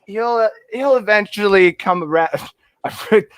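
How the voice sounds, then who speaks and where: A man's voice: sits high, measured pace, a bit bright, clean tone, dry recording. A man from Canada hosting a live sports talk stream, joking and rambling with restarts. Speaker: podcast host. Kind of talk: casual live-stream chat.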